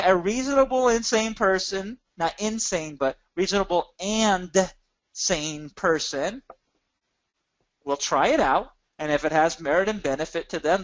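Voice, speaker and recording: A man giving an energetic sales pitch in a webinar, with emphatic rises in pitch. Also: muffled recording. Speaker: webinar presenter.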